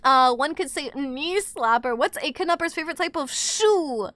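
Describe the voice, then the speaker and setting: A high, lively woman chatting on a casual livestream, her voice swooping up and down as she giggles and reacts to chat. Her tone is bright and sharp, and the sound is dry and close. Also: normal speed, no echo. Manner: excitable and giggly, swears freely, reads chat aloud.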